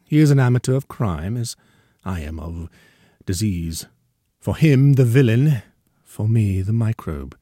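Menacing scientist, played by a man: slow, smooth on top, gloating underneath, low and husky. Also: lively intonation, mellow, no room sound, clean studio sound. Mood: pleased. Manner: slow, deliberate, pleasant on the surface.

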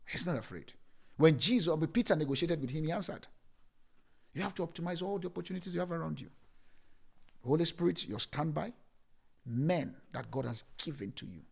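Pastor with a gravelly voice. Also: male voice, on the high side, fairly quick, pauses often. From Nigeria. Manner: preaching with repetition and sudden shifts between loud and hushed. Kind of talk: sermon.

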